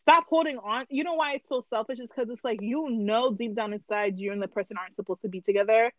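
A woman co-hosting a podcast in casual chat, slangy and animated, making long points. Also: fairly high pitch, fast, no echo, highs cut off. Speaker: podcast co-host.

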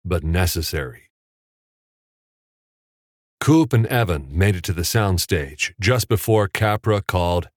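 A male narrator reads a novel in a measured, steady storytelling style, his voice sitting on the low side. The recording is dry and close, with no room sound at all. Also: no echo. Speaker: audiobook narrator. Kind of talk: scripted audiobook narration.

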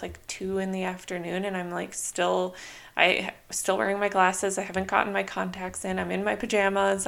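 A young woman hosting her own podcast in a casual, chatty way, full of "like" and "you know", now and then quoting herself in lively voices. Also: medium pitch, creaky. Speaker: podcast host. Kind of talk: casual solo podcast talk.

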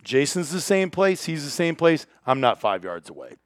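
A man excitedly telling a hunting story in casual chat, acting out quotes and swearing now and then. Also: fairly high pitch, normal speed, no echo. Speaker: hunting guide and cameraman.

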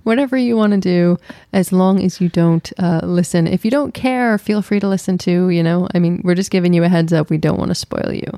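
A woman's voice: on the low side, fairly quick, few pauses, dark tone, no echo, clean studio sound. A woman co-hosting a podcast, chatting casually and teasing her co-host playfully. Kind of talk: casual chat.

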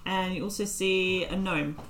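A woman's voice: on the low side, fairly even intonation, unhurried, fairly bright tone, echoey room, slight background noise, rough recording. A woman running a tabletop game as game master, describing scenes to the players.

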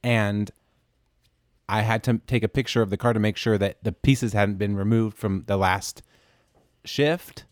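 A man's voice: lowish voice, steady tone, measured pace, pauses often, dry recording, studio quality, lightly acted. A man playing a defensive, indignant witness and lawyer in an improvised courtroom comedy scene, protesting and objecting.

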